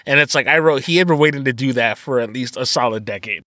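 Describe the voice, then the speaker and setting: This podcast co-host chats casually about a movie, laughing, swearing, and acting out lines. His medium-pitched voice is quick, pushed, and bright, captured in clean studio sound with no echo.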